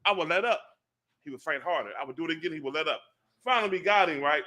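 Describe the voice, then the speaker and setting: A man with a very bright, sharp, high-set voice recounts a story in loose, slangy talk. He gets emphatic and animated as he goes. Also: fast talker. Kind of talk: casual storytelling.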